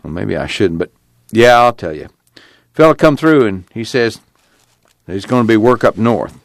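A weary male migrant worker, put on by a male narrator, talks in a plainspoken drawl. The voice sits low and swoops through a lively pitch range. It is recorded close and dry, with no room sound. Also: moderate pace, gravelly, no room sound. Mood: confiding.

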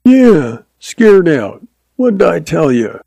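A man's voice: fairly high pitch, sing-song, slow, gravelly, dark tone, dry recording, pitched above the performer's own voice, full character voice. A man voicing a jeering young male would-be outlaw in a spoken western story, taunting and yelping.

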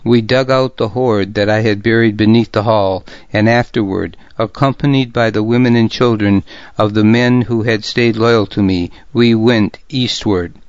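A man narrating an audiobook in the first person, in a measured and grave storytelling voice. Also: fairly low pitch, fairly even intonation, clean tone, no echo. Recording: dry, slightly dull studio sound.

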